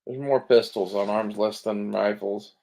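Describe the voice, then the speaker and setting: A man with a low voice full of gravelly fry drifts through casual commentary. He sounds sleepy and unhurried, swears freely and trails off into fillers as he browses. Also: fairly even intonation, a little mellow. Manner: laid-back, swears often, trails off with fillers. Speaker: gun vlogger browsing listings.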